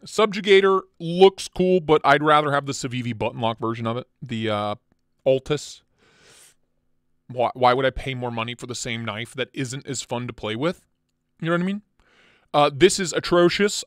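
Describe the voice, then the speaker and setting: A casual, blunt man hosting a chat stream, excitable and quick to swear, sounding tired. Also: a little high, dry recording, studio quality. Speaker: channel host.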